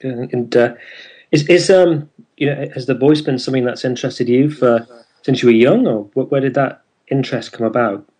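A man's voice: mid-range voice, normal speed, a little mellow, breathy edge. A man from the north of England hosting an interview, asking curious, chatty questions. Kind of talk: conversational interview.

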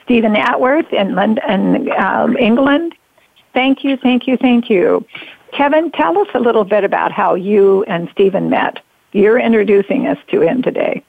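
Gravelly husky woman hosting talk radio. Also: a little high, moderate pace, no room sound. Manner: warm-up chatter, laughing, hesitant fillers. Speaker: radio talk show host. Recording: dull lo-fi radio sound.

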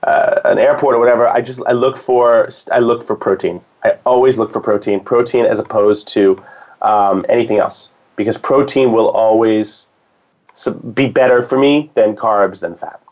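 A man's voice: fairly low pitch, fairly even intonation, moderate pace, a little mellow. A man talking casually as a guest, rambling with restarts and fillers. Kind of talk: casual conversation. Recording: dull lo-fi sound.

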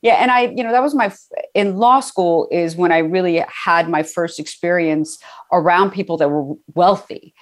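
A woman's voice: lowish voice, normal speed. A middle-aged woman, a guest in an interview, telling a personal story in a chatty way, with many fillers and frequent laughs.

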